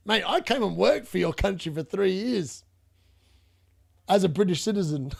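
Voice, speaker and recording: Chatty Australian man, fairly high voice. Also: normal speed, creaky, long pauses, darkish tone. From Perth, Western Australia. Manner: chatty, rambling, laughs often, blunt slang. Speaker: fantasy football streamer. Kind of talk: casual live-stream chat, answering viewers.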